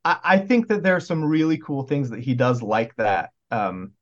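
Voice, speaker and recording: A man's voice: medium pitch, moderate pace. Rambling man on a dull lo-fi recording. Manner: rambling, lots of "like" and "um". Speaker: podcast panelist. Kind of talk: casual chat.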